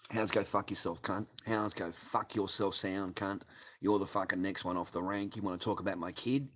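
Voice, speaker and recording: A man's voice: low-pitched, a bit bright. A middle-aged man, hosting a casual livestream, reading and answering chat with constant swearing and sarcasm.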